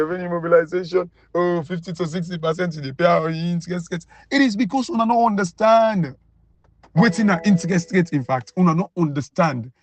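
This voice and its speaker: Speaking Krio-accented English, a Sierra Leonean man gives an emphatic, scornful political rant as a commentator. His pitch keeps shooting up in moments of incredulity.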